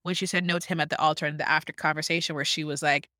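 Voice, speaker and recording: Woman podcast co-host, bright tone, dry close mic, chatty storyteller. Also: deep voice, steady tone, very fast, dry recording. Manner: chatty storytelling, acting out quotes. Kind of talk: casual chat recapping a show.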